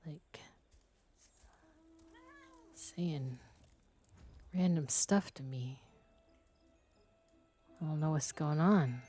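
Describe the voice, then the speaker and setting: A woman streaming a game and chatting casually with a friend, playful and teasing, her voice a little hoarse. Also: low voice, drawn-out words, pauses often, dark tone, faint music behind. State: voice getting hoarse. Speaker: livestreamer. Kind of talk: casual chat while gaming.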